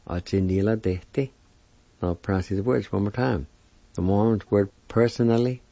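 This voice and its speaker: A man's voice: lowish voice, moderate pace, gravelly, mellow, no echo. A man giving a recorded language lesson, spelling words out letter by letter and sounding them out one syllable at a time. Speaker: language teacher. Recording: dull lo-fi recording.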